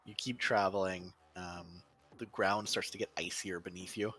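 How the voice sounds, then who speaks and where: A man's voice: low-pitched, fairly even intonation, moderate pace, fairly bright tone, soft background music. A man narrating as game master of a tabletop role-playing game, describing scenes loosely with many fillers.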